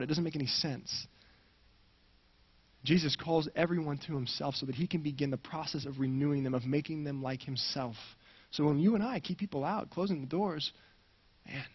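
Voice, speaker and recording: A man's voice: a little high, slightly rough, muffled recording. A man preaching a sermon, telling a personal story and acting out the dialogue with energy.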